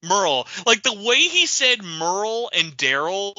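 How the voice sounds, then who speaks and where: Animated young-sounding man on a podcast. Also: sits high, measured pace, no echo. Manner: animated, laughing, imitates others. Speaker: podcast host. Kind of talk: casual chat. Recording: dull lo-fi audio.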